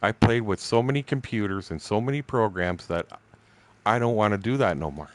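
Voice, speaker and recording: A man's voice: fairly low pitch, brisk. A man in his sixties telling stories casually while streaming a game. He is blunt, swears constantly and laughs between remarks. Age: 60s. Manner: blunt, heavily profane. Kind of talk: casual rambling storytelling.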